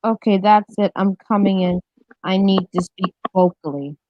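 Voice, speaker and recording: A woman's voice: medium pitch, normal speed, no room sound. A woman streaming live talks to her chat in a casual, offhand way. Her mic sounds dull and lo-fi, with a dry, close feel and no room.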